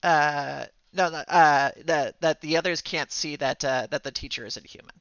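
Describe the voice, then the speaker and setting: A man running a tabletop game as game master, narrating in a halting way with many fillers and restarts. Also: on the high side, fairly bright tone, clean tone, dry recording, lo-fi sound.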